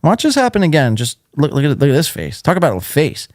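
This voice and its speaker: A man's voice: a little high, big pitch swings, quick pace, no echo, studio quality. A man hosting a live podcast, riffing in crude, mocking commentary. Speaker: podcast host.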